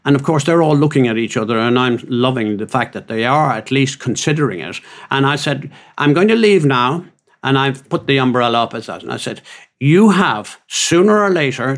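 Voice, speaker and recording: An older man co-hosting a podcast, telling rambling, self-mocking stories in casual chat. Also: mid-range voice. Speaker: podcast co-host.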